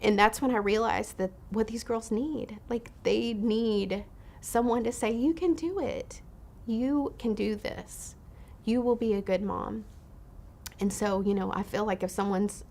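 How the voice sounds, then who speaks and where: A woman's voice: medium pitch, vocal fry, darkish tone. A woman leading a pregnancy support ministry, telling heartfelt stories in an earnest, personal way. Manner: earnest, heartfelt retelling with quoted voices. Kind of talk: personal storytelling talk.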